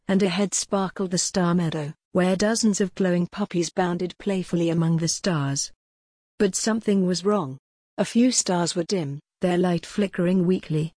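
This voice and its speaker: A synthetic woman's voice gently narrating a bedtime story in a soothing reading manner. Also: lowish voice, no room sound, studio quality.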